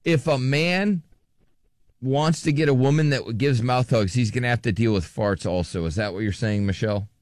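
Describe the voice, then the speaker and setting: A man's voice: mid-range voice, moderate pace, a little mellow, dry recording, studio quality. A man hosting a radio call-in show, teasing his callers and laughing easily as he steers the talk. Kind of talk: casual call-in banter.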